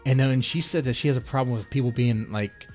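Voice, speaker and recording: A man's voice: medium pitch, brisk, a little mellow, faint music behind. A man hosting a live stream with casual, sarcastic commentary, rambling and often restarting mid-sentence.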